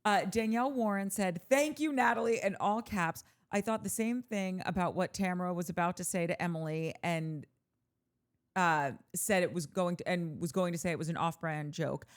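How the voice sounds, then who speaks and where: Brief: woman podcast co-host, lower-pitched voice, lively asides while reading fan comments. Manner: animated, quick asides between readings. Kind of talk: casual chat, reading listener comments aloud.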